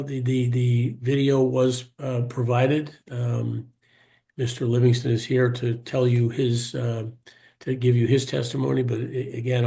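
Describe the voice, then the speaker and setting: A man representing a bar at a hearing, questioning a witness in a halting way, full of fillers, over a video call. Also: mid-range voice, vocal fry, mellow. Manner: halting, hesitant, many fillers.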